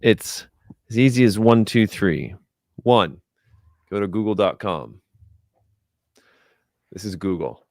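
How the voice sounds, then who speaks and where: Deep-voiced man walking through a tutorial. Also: expressive, slow, long pauses, no room sound, studio quality. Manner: thinks aloud, chatty and unpolished. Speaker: guest presenter doing a screen-share. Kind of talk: casual on-screen tutorial.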